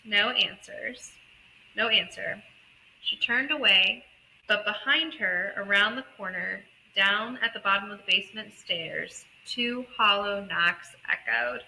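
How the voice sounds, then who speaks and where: A woman's voice: medium pitch, gravelly, bright, forceful tone, slight background noise, low-quality recording. A woman co-hosting a casual book podcast, animatedly retelling a story and acting out the characters. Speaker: podcast co-host.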